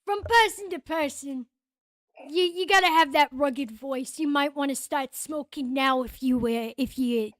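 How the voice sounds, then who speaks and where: A woman voicing a brash, foul-mouthed, scatterbrained woman who hands out gifts, talking loud and offhand. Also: high voice, measured pace, no echo. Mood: insistent.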